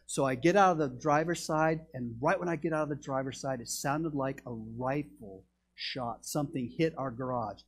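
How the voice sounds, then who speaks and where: A middle-aged man preaching a sermon as pastor, telling stories with bursts of shouted excitement. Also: mid-range voice, moderate pace, breathy edge. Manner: animated storytelling, shouting when excited.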